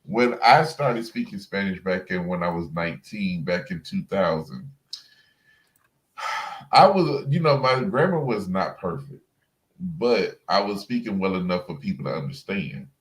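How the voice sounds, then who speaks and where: A man who is a guest on a casual chat, telling stories and jumping into high voices for quotes. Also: measured pace. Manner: lively storyteller, jumps into high voices for quotes.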